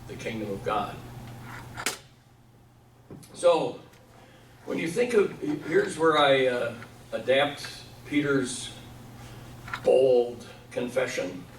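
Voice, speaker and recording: A man's voice: mid-range voice, animated, slow pace, long pauses, slight background noise. A man giving a Bible study talk in a church, who asks the room questions and then answers them himself. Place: church hall. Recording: echoey room, mic at a distance.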